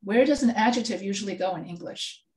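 Speaking at a quick pace in a mid-range voice, a woman writing instructor runs a grammar review in an online class session. She patiently puts questions to the students to quiz them.

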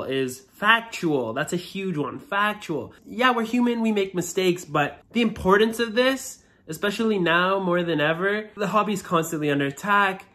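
A man's voice: on the high side, fairly bright tone. Earnest man, muffled with a cold. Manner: earnest and grateful, emphatic. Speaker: reptile-keeping video creator. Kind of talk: reflective year-in-review vlog.

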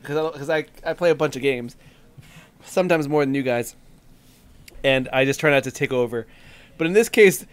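A man co-hosting a casual gaming podcast, playful and quick to laugh while reading out game blurbs. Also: mid-range voice, smooth. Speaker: podcast co-host.

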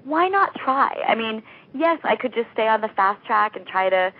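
A woman's voice: a little high, animated, normal speed. A young American woman, a novelist being interviewed, chatting freely with frequent laughs and fillers. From United States. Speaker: novelist guest. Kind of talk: interview over a phone line. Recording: tinny phone line.

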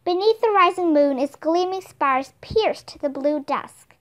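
A woman narrates a children's story with animated expression. Her voice sits high and moves a great deal in pitch. The delivery is clear storytelling. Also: measured pace. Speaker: reader. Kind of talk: audiobook narration.

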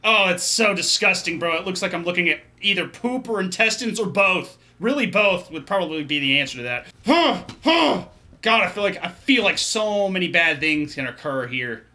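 A young man narrates his horror game play with a high, very bright voice. He startles easily, swears often and keeps talking to himself as he moves along. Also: lively intonation, a little fast, few pauses. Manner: jumpy, swearing, talks to himself. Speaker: gaming YouTuber. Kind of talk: let's play commentary.

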